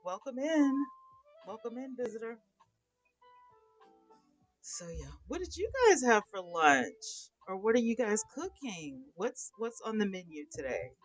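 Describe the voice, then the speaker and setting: A woman's voice: mid-range voice, poor audio. Chatty woman livestreaming. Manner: chatty, greets viewers by name, expressive swings. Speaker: livestream host. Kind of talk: casual livestream chat.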